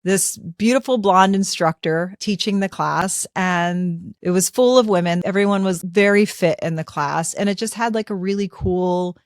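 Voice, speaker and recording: A woman in her fifties hosting a podcast, telling a personal story in an animated, conversational way and acting out her own thoughts. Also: on the low side, moderate pace, few pauses, no room sound, studio quality. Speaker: podcast host.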